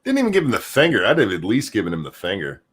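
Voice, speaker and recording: A man's voice: fairly low pitch, wildly swooping pitch, racing, a bit bright, breathy edge. A man hosting a casual talk show, blunt and joking. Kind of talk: casual chat.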